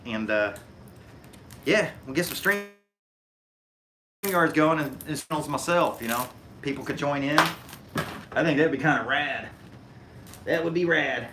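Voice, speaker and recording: A man's voice: a little high, unhurried, pauses often, noisy background. A middle-aged man with a Hoosier accent from Indiana, chatting casually on his live stream while he works, folksy and rambling with frequent chuckles. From Indiana, USA.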